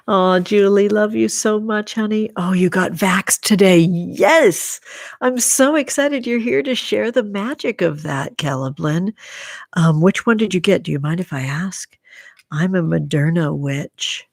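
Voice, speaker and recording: A woman with a low, gravelly voice hosts a casual tarot live stream, showering her viewers with pet names like honey and sweetie. She slips into soft whispers as she reads their comments. The sound is dry and close, with no room echo. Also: unhurried. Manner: drops into soft whispers while reading comments.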